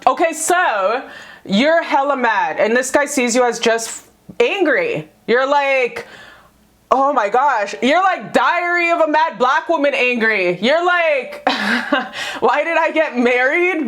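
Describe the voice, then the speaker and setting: A woman's voice: on the high side, fairly bright tone. A woman giving a casual tarot reading to camera, slangy and profane, calling viewers baby and sis. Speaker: tarot card reader.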